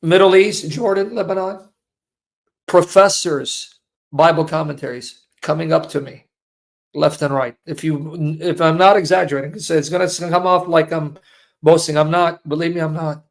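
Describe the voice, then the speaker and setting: A man's voice: a little high, fairly even intonation, moderate pace, gravelly. A man in his fifties giving an emotional personal testimony, speaking emphatically and repeating phrases for weight. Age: 50s. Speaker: Christian apologist giving a testimony.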